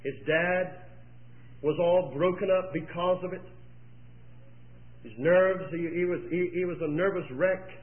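High-voiced impassioned preacher on old tape. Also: male voice, steady tone, a little slow, long pauses. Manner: impassioned storytelling, rising to near-shouts. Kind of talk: sermon. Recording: echoey, tinny phone-like old tape.

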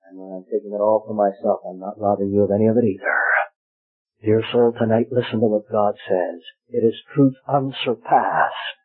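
A man's voice: lowish voice, steady tone, moderate pace, husky, soft background music. A man preaching a gospel sermon with fervent delivery that rises to impassioned peaks. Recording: tinny phone-like old recording.

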